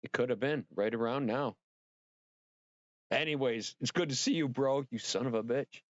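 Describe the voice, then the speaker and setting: A man hosting a casual livestream, rambling and excitable, swearing freely and talking straight to his viewers. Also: mid-range voice, moderate pace, no room sound, muffled recording. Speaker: livestream host.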